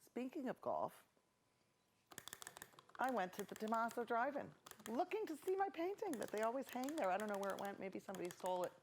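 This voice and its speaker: A middle-aged woman hosting a painting lesson, rambling through self-mocking stories as she paints. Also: medium pitch. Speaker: painting show host.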